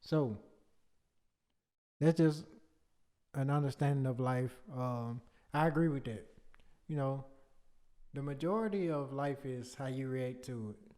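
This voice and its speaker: A man's voice: medium pitch, a little slow, pauses often, warm tone. A man co-hosting a casual podcast, laid-back and reflective, laughing easily. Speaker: podcast co-host.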